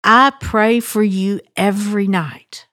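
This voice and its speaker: A woman putting on a loving but strict grandmother past a hundred, firm and emphatic, slow unhurried delivery, close dry sound with no room echo. It is a quoted voice inside a spoken story. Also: medium pitch, fairly even intonation, a bit bright. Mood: firm, affectionate.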